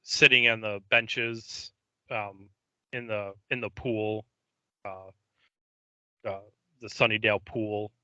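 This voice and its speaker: A man's voice: on the low side, steady tone, takes it slowly, pauses often, bright, forceful tone, clear, resonant tone, dry recording. A man co-hosting a podcast, talking through an episode in casual chat, hesitant and full of ums and restarts. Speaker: podcast co-host. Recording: dull lo-fi mic.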